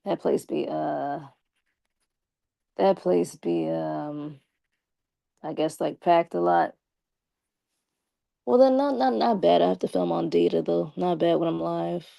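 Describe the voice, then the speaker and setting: A woman's voice: on the low side, steady tone, slow pace, creaky, long pauses, dry recording, lo-fi sound. A young woman live streaming and chatting casually with her viewers, slangy and talkative, with a slight lisp from her braces. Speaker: live streamer talking to chat.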